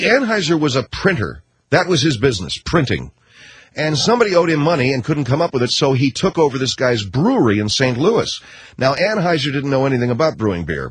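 Husky wisecracking male radio host. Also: mid-range voice. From United States. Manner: rambling, wisecracking, animated storytelling. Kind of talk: casual radio talk.

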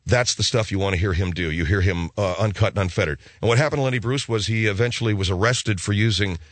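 A man's voice: lowish voice, quick pace, no room sound. A middle-aged man hosting a show, chatting casually about listener mail in a rambling way, often repeating and restarting words. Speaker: radio show host.

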